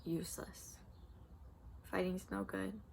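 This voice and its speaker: A woman reading aloud the lines of a weak, dying teenage boy, soft and faint. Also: mid-range voice, little pitch movement, slow, gravelly, slight background noise.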